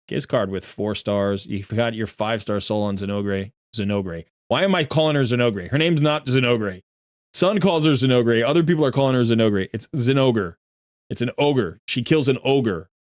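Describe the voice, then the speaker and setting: A man's voice: mid-range voice, no echo. Chatty male streamer, dry close sound. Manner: chatty, rambling, self-correcting. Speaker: streamer reviewing viewer game accounts. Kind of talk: casual live-stream commentary.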